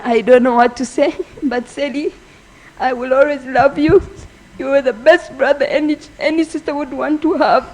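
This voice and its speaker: A woman giving a funeral eulogy for her brother, halting and emotional, speaking softly. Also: high-pitched, fairly even intonation, low-quality recording. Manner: halting, emotional, soft-spoken. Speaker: family member giving a eulogy.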